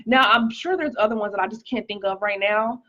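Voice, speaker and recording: A woman talks to her viewers in a relaxed, chatty livestream testimony, her voice sitting in a middle register. She fills her speech with "like" and "um" and stops to greet people by name. The sound is a little dull and lo-fi. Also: mid-range voice, a little fast. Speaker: livestream host sharing a testimony. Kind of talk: casual live-stream testimony.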